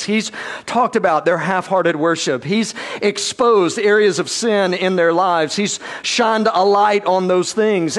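High-voiced pastor preaching emphatically. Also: male voice. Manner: emphatic, slows and drops low on key words; addresses congregation directly with light humor. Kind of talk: sermon.

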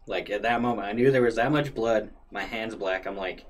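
A man casually retelling a story in a profane, animated way. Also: fairly low pitch, fairly quick, very noisy. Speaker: storyteller guest.

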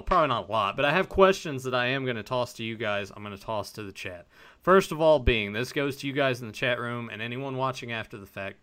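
A man with a bright, forward voice hosts a casual fan podcast. He talks in an animated way and swears casually as he puts questions to the chat. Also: medium pitch. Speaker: podcast host.

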